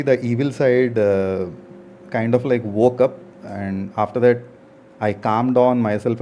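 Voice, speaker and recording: Man, 40s, gaming streamer, earnest, reflective, hesitant, mellow voice, faint hiss behind. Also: medium pitch. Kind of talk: casual talk to viewers.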